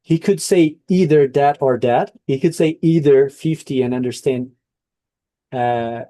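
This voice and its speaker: Male teacher, online class, dark, dry sound, coaching tone. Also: medium pitch, measured pace, dry recording. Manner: explaining, coaching, frequent checks. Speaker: English teacher.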